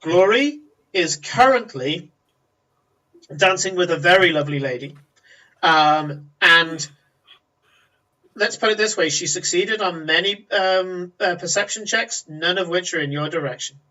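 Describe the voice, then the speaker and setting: Male GM, descriptive tabletop narration, tense bright tone. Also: high-pitched, measured pace, dull audio. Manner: descriptive, with fillers and restarts. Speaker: game master. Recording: voice a bit far from mic.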